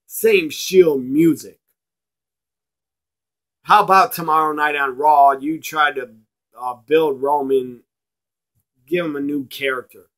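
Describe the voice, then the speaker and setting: A man ranting in a blunt, profane video review, slowing down to stress his points. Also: a little high, sharp tone. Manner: emphatic, slows down to stress points.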